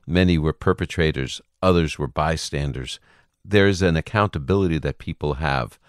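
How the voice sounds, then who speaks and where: A man's voice: extremely low pitch, fairly quick, clear, resonant tone, no room sound, studio quality. A man from the United States, a Bible teacher, giving thoughtful explanations as a radio guest. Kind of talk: radio interview.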